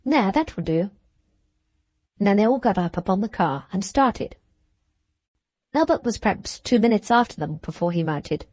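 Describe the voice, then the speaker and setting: A woman reads a classic novel aloud in a measured, even way. Her voice sits at a middle pitch and the sound is close and dry, with no room around it. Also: no room sound. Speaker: audiobook narrator. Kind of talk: scripted audiobook narration.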